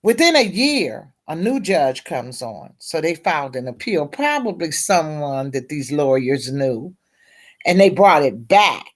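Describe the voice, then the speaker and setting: A woman's voice: deep voice, sing-song, measured pace. A middle-aged woman, a teacher advocate and guest at a round table discussion, telling her story bluntly and candidly.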